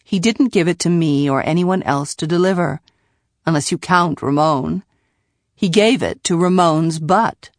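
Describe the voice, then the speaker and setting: A woman voicing a sharp-tempered young woman soldier, indignant and quick to anger, in an audiobook reading. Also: deep voice, dry recording, studio quality, voice pushed down. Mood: angry. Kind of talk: audiobook character voice.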